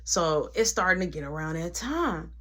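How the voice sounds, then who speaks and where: Speaking at normal speed in a medium pitch, a woman recounts a story from her own life, full of casual slang. She animatedly performs each line of dialogue herself.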